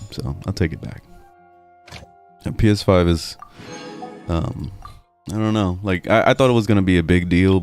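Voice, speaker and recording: A man's voice: low-pitched, darkish tone. A young man chatting casually over gameplay at home, rambling and swearing freely. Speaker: gaming streamer. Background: faint game music.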